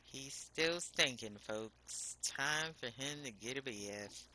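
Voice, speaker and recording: A woman's voice: rumbling low, slow pace, sharp tone, slight background noise, rough recording. A woman streaming herself playing a life-sim game, chatting casually and scolding the characters in an exasperated, chatty way. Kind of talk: casual gameplay commentary.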